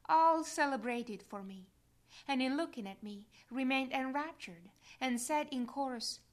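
Woman reading as a gentle motherly heavenly queen. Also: high voice, unhurried. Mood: tender. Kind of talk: devotional reading.

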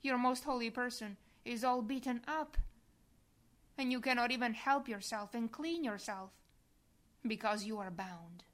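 A woman reading a devotional meditation aloud in a soft, prayerful manner that sometimes drops to a whisper. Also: on the high side, a little slow.

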